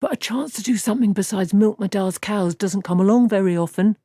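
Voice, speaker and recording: A woman voicing an eager, boastful young village man in an audiobook, talking in an excited, pushy way. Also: mid-range voice, a little fast, no room sound, studio quality, pitched above the performer's own voice, close to an everyday voice.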